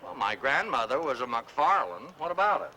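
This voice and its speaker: A man's voice: mid-range voice, very animated, moderate pace, very noisy, natural voice. A man playing a fussy, exasperated older neighbor. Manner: exasperated, pompous. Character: fussy, short-tempered older male neighbor. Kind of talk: 1960s sitcom acting.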